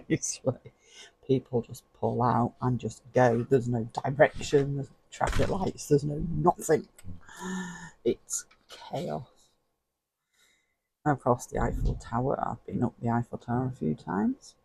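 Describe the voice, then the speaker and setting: A vlogger leafs through pages and offers easygoing commentary to the viewer, speaking slowly in a low-key, gravelly, husky tone and laughing softly now and then. He's a relaxed man, and the recording is rough.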